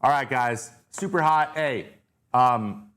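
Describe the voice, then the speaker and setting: A man's voice: medium pitch, slow, fairly bright tone. A male host answering viewer questions in a loose, jokey, rambling way, sounding tired with his voice wearing out. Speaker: show host. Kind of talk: casual live-stream Q&A.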